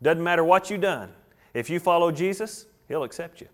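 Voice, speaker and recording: A man, a pastor, preaching a sermon with rhetorical questions and repeated phrases, reading scripture slowly and deliberately. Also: fairly high pitch, lively intonation, fairly bright tone.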